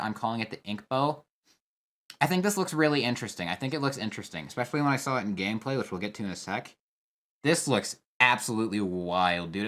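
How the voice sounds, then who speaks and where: A man's voice: medium pitch, fairly bright tone. A young man talking casually over a game trailer, thinking aloud with fillers and restarts. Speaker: competitive player reacting to a trailer. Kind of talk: casual video commentary.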